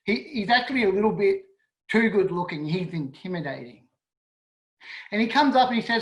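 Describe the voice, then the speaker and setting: Male storyteller, lively and self-mocking, echoey room. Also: sits high, brisk, long pauses. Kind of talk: personal story told to an audience. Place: home, indoors, online event. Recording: roomy echo on an online call.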